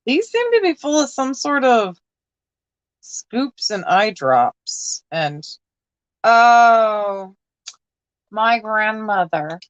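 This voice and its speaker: A woman's voice: medium pitch, a bit bright, dry recording. Woman, casual vlogger, rambling, self-amused, muffled dry home recording. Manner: chatty, rambling, laughs at herself. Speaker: crafting vlogger. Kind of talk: casual chat while sorting a box.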